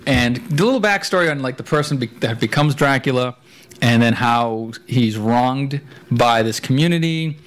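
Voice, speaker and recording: A man's voice: mid-range voice, a bit bright, smooth. A man co-hosting a casual podcast, giving rambling reviews with jokey asides. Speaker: podcast co-host. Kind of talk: casual chat. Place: echoey room at home.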